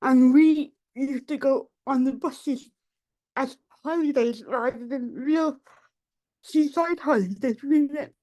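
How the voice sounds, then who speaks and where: A woman from the Black Country in England, reading her own poems in a measured, deliberate way over a video call. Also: sits high, mellow. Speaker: poet. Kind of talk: poetry reading.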